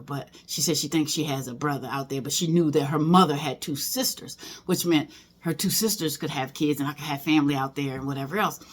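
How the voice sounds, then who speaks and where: A woman's voice: low-pitched, husky. A middle-aged woman talking casually in a personal vlog, emotional and rambling, with many fillers and restarts. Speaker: vlogger.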